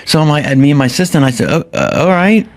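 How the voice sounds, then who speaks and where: A man telling stories in casual chat as a comedian guest, often jumping into high-pitched impressions. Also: lively intonation, racing.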